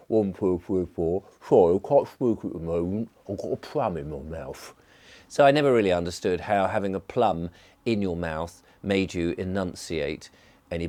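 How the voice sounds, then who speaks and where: Low-pitched English man, near-posh southern accent, groggy from a cold, genial rambling vlogger. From England. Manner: rambling, genial, well-enunciated. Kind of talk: sit-down vlog chat. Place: indoors, seated.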